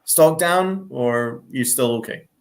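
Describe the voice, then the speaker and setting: A man's voice: mid-range voice, lively intonation, takes it slowly. A young man co-hosting a casual sports post-game show, hesitant, with lots of ums, putting questions to his co-host. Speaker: podcast co-host.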